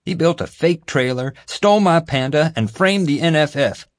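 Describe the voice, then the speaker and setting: A man's voice: medium pitch, animated, normal speed, no room sound, clean studio sound, voice pushed up, natural voice. A male narrator voicing an angry, blustering boss in an audiobook. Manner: angry, emphatic. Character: gruff blustering male boss, quick-tempered.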